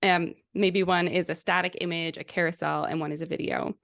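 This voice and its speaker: A woman guest on a podcast, explaining advertising in a relaxed, conversational way with lots of fillers. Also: fairly low pitch, a little fast, vocal fry. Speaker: guest, ad specialist. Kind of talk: casual interview chat.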